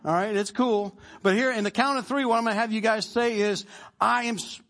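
A man's voice: sits high, quick pace, a bit bright. A male pastor preaching a sermon to his congregation in a joking, conversational way, prompting them to answer back. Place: church service before a congregation.

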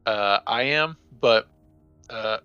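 A man's voice: fairly low pitch, takes it slowly, bright, forceful tone, clear, resonant tone, no room sound, lo-fi sound, faint music behind. A man playing a tabletop game, laid-back and swearing in casual chat. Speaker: player.

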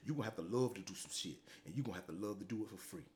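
A man's voice: fairly low pitch, racing, a little mellow, a little hiss or hum. A middle-aged man, hosting a motivational talk show, delivering a blunt, profane, preachy monologue that keeps tagging lines with "man".

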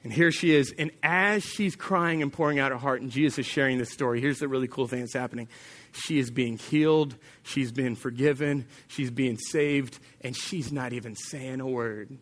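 A man preaching a sermon as pastor, telling a story with animated delivery and acting out the voices of its people. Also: mid-range voice, moderate pace.

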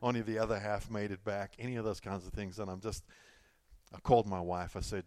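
A man's voice: fairly low pitch, steady tone, a little fast, darkish tone, no echo. A middle-aged man preaching a sermon in a loose, conversational way, telling stories and repeating himself as he goes. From California. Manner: conversational, storytelling with self-repeats and asides. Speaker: pastor.

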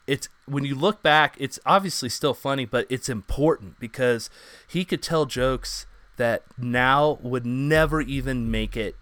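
A man's voice: mid-range voice, a little slow, a bit bright, clean tone, no echo. A man co-hosting a casual chat, telling rambling anecdotes full of fillers.

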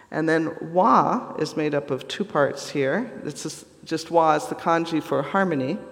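A man delivers a sermon with a slightly raised pitch, taking his time over each phrase. His manner is deliberate and teacherly, like a pastor guiding his congregation. The voice rings out with a long reverb from a large hall.

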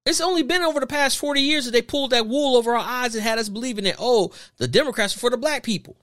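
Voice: medium pitch, quick pace, a bit bright. A podcast host delivering an emphatic, preachy opinion monologue full of rhetorical questions and repeated phrases.

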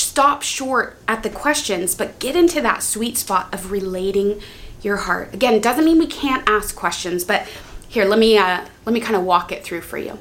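A woman teaching on prayer in an earnest, gentle way, speaking heartfelt prayers aloud as examples. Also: medium pitch.

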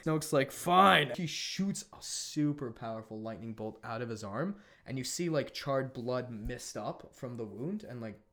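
A man casually retelling a film story as a podcast co-host, laughing often and tossing in quick character quotes. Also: mid-range voice. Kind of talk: casual animated storytelling chat.

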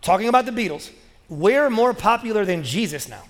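A man's voice: high-pitched, big pitch swings, brisk. A man preaching a sermon as pastor, talking in a casual, joking, conversational way. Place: church sanctuary. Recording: long reverb of a large hall.

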